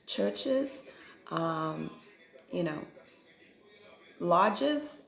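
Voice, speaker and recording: A woman's voice: fairly low pitch, animated, very slow, vocal fry. A woman giving a reflective, preachy spiritual monologue and often checking in with "right?". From Caribbean. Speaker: spiritual vlogger. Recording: echoey room with faint music.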